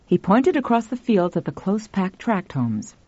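A woman narrating a story in an expressive, scripted reading. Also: medium pitch, moderate pace, slightly rough, no echo. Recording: dull lo-fi, dry.

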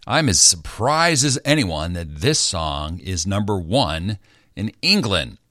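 A man's voice: low-pitched, big pitch swings, takes it slowly, sharp tone, no room sound, studio quality. A middle-aged man hosting a chart countdown, chatting playfully like a radio DJ. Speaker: radio DJ host.

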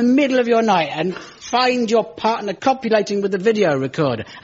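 A man's voice: sits high, expressive, moderate pace, hardly any pauses, muffled recording, a crowd in the background, noisy background. A man doing a stand-up comedy monologue on stage before a studio audience, wry and self-mocking, with mock-pompous asides. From Britain. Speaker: comedian host.

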